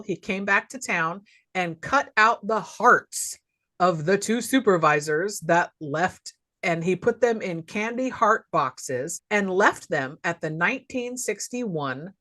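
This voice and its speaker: A woman's voice: mid-range voice, unhurried, a bit bright. A woman co-hosting a podcast, recapping a film in casual chat and laughing often as she goes. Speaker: podcast co-host.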